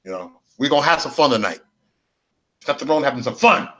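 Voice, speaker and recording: A man riffing live to his chat. He circles back over the same phrases again and again, loose and slangy, with plenty of cursing. His pitch sits right in the middle for a man. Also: expressive, fast, a bit bright. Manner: rambling, repetitive, slangy and profane. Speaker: livestream host. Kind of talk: casual livestream rant.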